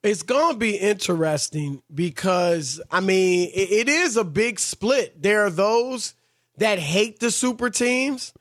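High-voiced man hosting sports talk. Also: lively intonation, slow, fairly bright tone, dry recording, clean studio sound.

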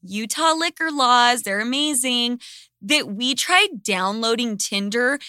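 Woman podcast host, higher bright voice, dry close mic, vivid swearing storyteller. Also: slow, dry recording. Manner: animated, swears freely, dramatic storytelling. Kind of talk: casual storytelling chat.

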